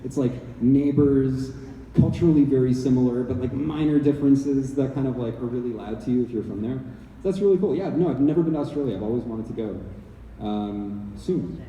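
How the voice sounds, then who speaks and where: Dark-voiced man joking with a hall crowd. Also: medium pitch, a little fast, lo-fi sound, a little hiss or hum. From Canada. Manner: playful, rambling, joking with the crowd. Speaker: actor guest at fan convention panel. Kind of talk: casual audience Q&A. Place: large convention hall stage. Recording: echoey hall, voice from far off.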